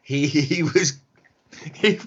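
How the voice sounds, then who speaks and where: A man's voice: a little high, slow pace, breathy edge. A man co-hosting a podcast in a casual, mocking, sweary chat, often laughing. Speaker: podcast co-host. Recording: dull lo-fi sound.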